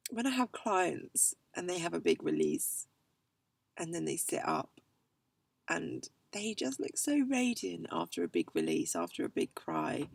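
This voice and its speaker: A woman speaks in a low, searching way, her voice breathy and full of deep vocal fry. She is a little way off the mic, and the sound is dry. She pauses often and slips into near-whispers as she reflects. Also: dry recording, recorded from a distance, rough recording. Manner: soft, halting and searching, often dropping to a whisper. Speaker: healer working with clients. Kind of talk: reflective spiritual vlog talk.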